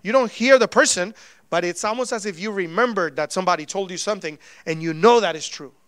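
A man preaching with a high, bright voice, telling stories and voicing each person in them with big swings in loudness. The sound is close and dry, with almost no room around it. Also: fast, clean tone, no room sound. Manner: animated storytelling, acting out quoted dialogue. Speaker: pastor. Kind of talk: sermon.

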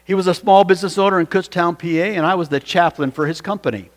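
An earnest male pastor preaches in a storytelling way, often restarting his sentences, with a voice pitched somewhat high. His words ring out into a long reverb, as if recorded in a church sanctuary. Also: fast talker. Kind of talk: sermon.

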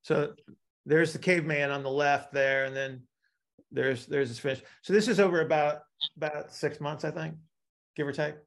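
Gravelly man teaching with analogies. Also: fairly high pitch, steady tone, moderate pace. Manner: explains with analogies, keeps checking in with "right?". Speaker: instructor. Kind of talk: teaching a live class.

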